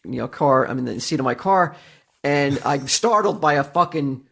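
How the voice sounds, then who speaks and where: A man's voice: mid-range voice, normal speed, vocal fry. A man on a casual podcast telling a story, swearing a lot and laughing as he goes. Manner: profane, animated storyteller, laughing often. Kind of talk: casual chat.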